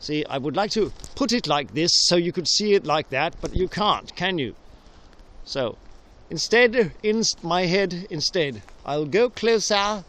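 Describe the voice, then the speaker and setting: A man's voice: sits high, animated, unhurried, a bit bright. A man whose first language is Danish, rambling through a whimsical, punning improvised monologue outdoors in a forest, recorded on a handheld camera. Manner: whimsical, punning, full of restarts. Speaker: vlogger. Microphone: handheld camera, sometimes left on a tree.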